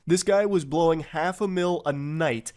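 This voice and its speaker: A man with a congested, stuffed-up voice narrates a commentary video. He mocks his subjects with dry sarcasm. His voice sits a little high for a man. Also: a little slow, darkish tone. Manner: mocking, sarcastic.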